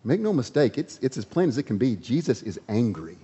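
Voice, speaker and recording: A man preaching a sermon, dramatic, swinging from loud emphatic lines to hushed ones. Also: mid-range voice, big pitch swings, a little fast, slightly rough. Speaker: pastor. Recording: dull audio with long hall reverb.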